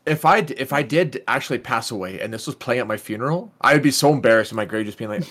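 A man's voice: mid-range voice, expressive, fast talker, a bit bright. A man co-hosting a casual podcast chat, laughing often and swearing freely as he retells things. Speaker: podcast co-host.

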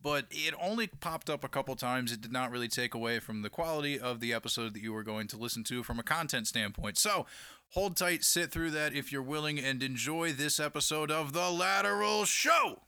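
A young man co-hosting a fantasy football podcast, chatting casually and joking with playful, mock-nervous excitement. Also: mid-range voice, a little fast, clear, resonant tone. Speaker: podcast co-host.

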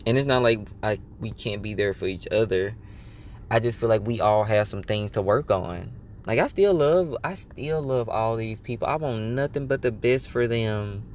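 A fairly low-pitched male podcast host speaks at a moderate pace, with slight background noise. In a casual personal monologue, he discusses his life openly, curses freely, and vividly quotes what he said to himself.

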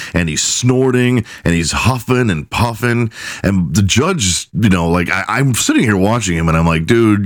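A man's voice: deep voice, dry recording, studio quality. A man hosting a podcast, telling loose, profane stories in a casual monologue and laughing at his own jokes. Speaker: podcast host.

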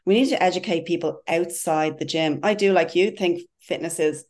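A woman speaks as a podcast guest in a low voice. She talks with eager, rambling passion, piling one thought on the next. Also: moderate pace, darkish tone. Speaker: podcast guest and CrossFit coach. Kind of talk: casual podcast conversation.

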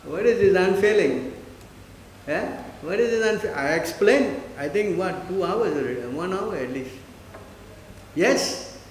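A man's voice: high-pitched, expressive, unhurried, slight background noise. A man giving a devotional class, emphatic and full of rhetorical questions, checking often that listeners understand. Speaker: spiritual teacher. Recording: echoey hall.

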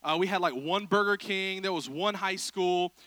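Bright-voiced preacher, joking. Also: male voice, sits high, moderate pace, no room sound. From South Georgia, USA. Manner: joking, chatty, self-deprecating. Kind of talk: humorous sermon. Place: church.

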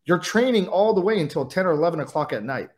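Man, blunt and profane, rapid-fire delivery, slightly raised pitch, casual interview talk. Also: lively intonation, darkish tone. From California. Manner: fast, blunt, profane storytelling. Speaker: podcast guest, former highway patrol officer.

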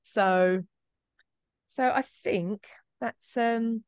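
A woman's voice: a little high, drawn-out words, no room sound, studio quality. A woman co-hosting a podcast, talking casually with lots of fillers and restarts. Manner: chatty, many fillers and restarts. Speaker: podcast co-host. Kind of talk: casual chat.

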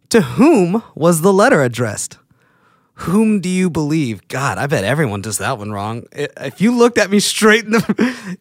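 A man's voice: a little high, dry recording, studio quality. A man chatting casually to his viewers, rambling and laughing at his own mistakes. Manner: self-deprecating, rambling, laughs at himself. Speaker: vlogger. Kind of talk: casual chat to camera.

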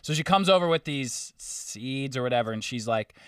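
A man telling a long story in casual podcast chat, animated, swearing and mimicking the people he met. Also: medium pitch, moderate pace, hardly any pauses, clean tone, dry recording, studio quality, distant mic.

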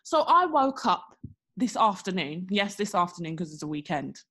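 Telling a story on the podcast she co-hosts, this young woman speaks at a moderate pace in a lowish voice. She keeps things casual and lively, putting on exaggerated voices for everyone she quotes.

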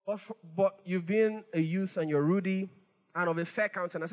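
A man preaching a sermon as pastor, animated and repeating phrases for emphasis. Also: high-pitched, normal speed. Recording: long hall reverb.

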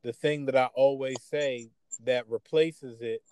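A man's voice: medium pitch, fairly even intonation, unhurried, darkish tone, clean tone, no room sound. A man hosting a faith talk show, speaking earnestly in a sermon-like way. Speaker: host. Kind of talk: preaching-style talk.

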